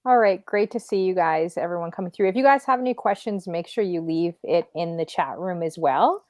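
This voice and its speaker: A woman with a Canadian accent hosting a casual livestreamed interview, chatty and quick to laugh. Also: fairly low pitch, a little mellow, dry recording. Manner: chatty, laughs easily, reads chat aloud. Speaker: talk show host.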